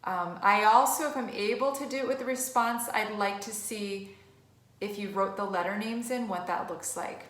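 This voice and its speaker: A woman's voice: medium pitch, normal speed, fairly bright tone. A woman music teacher giving an online lesson, encouraging and chatty. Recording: echoey room.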